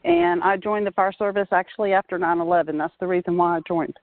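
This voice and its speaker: A woman in her forties, a fire marshal, telling her story in an earnest, steady way while talking on her phone outdoors at a playground. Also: on the low side, fast talker, no echo. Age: 40s. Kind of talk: casual phone interview. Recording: dry, tinny phone line.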